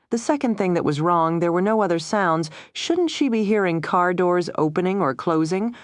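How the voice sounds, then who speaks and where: Low-voiced woman narrating a thriller. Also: no echo, clean studio sound. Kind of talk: scripted audiobook narration.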